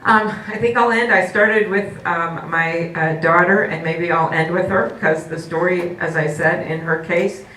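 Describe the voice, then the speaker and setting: A woman's voice: on the low side, steady tone, measured pace, hardly any pauses, bright, forceful tone. A woman politician giving a campaign speech at a forum, telling stories with hesitant fillers. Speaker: political candidate. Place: indoor forum hall. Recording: echoey hall from far off, faint noise.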